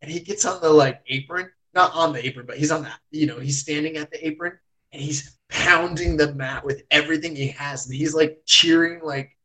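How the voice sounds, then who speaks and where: A man in casual chat, retelling a match as an excitable storyteller who fills his talk with "like" and swears freely. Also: a little high, a little fast, low-quality recording. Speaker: podcast host reviewing wrestling.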